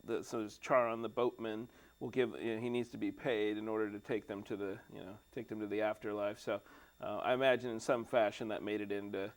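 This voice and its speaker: A man's voice: on the low side, little pitch movement, a little fast. A man co-hosting a studio show, chatting casually about a cult movie and laughing easily. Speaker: co-host of a movie discussion show. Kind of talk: casual chat about a film. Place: cable TV studio.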